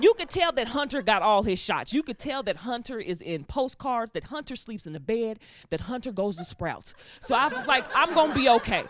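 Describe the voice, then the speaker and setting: A woman performing a stand-up comedy set, telling lively stories and acting out characters in put-on voices. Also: fairly high pitch. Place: comedy stage before a laughing audience.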